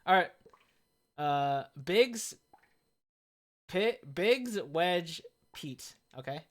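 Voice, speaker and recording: A woman's voice: lowish voice, animated, very slow. A woman casually commenting as she plays a video game on a live stream, chatty and joking. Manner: chatty and joking, reacts with laughs and asides.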